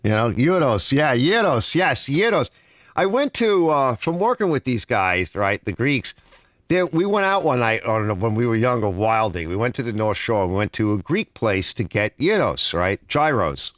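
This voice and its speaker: New York man with a lively, animated voice. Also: medium pitch, normal speed, no echo, studio quality. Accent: heavy New York. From Long Island, New York. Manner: storytelling, animated, fillers like "right?" and "you know?". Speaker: livestream host. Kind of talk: casual livestream chat reading comments. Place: home garage.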